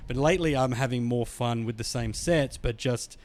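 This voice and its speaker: A man's voice: medium pitch, moderate pace, a little mellow. A man hosting a comedy podcast, chatty and self-deprecating, laughing often. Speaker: podcast host, stand-up comedian. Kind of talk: casual podcast chat.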